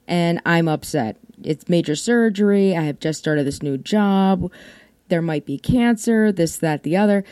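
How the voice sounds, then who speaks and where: Woman, podcast host, casual storyteller; irreverent, cusses, low mellow voice. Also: smooth, dry recording. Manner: wry, irreverent, swears freely.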